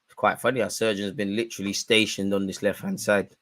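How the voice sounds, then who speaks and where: A young man hosting a football watch-along, commenting live and shouting at the referee. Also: a little fast. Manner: animated, shouts at the referee, spikes in pitch and volume.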